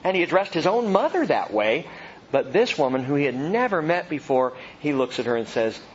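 A man's voice: a little high, big pitch swings, fairly quick. A man in his thirties, a pastor preaching an expository sermon, reading scripture aloud and then explaining it. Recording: dull lo-fi sound with faint noise.

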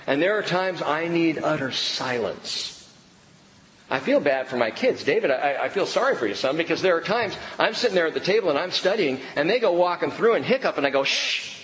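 A middle-aged man preaching a sermon, swinging between loud bursts and hushed lines. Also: fairly high pitch, expressive, a little fast. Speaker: pastor. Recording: reverberant hall with faint room noise.

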